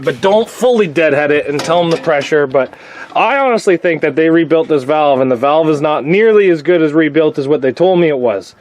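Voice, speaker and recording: A man's voice: a little high, a little hiss or hum. Frustrated man vlogging from his workshop. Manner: frustrated, talks to his machine, rambling with restarts. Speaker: vlogger, shop owner. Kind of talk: casual workshop vlog.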